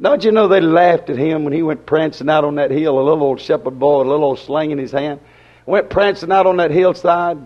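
A man preaching a sermon in a folksy, dramatic way, swinging between loud and soft. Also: a little high, a little fast. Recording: dull lo-fi sermon recording.

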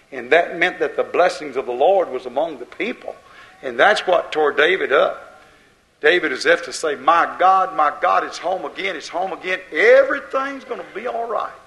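A man preaching an impassioned sermon as pastor, rising and falling in loudness as he drives his points home. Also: on the high side, creaky, low-quality recording.

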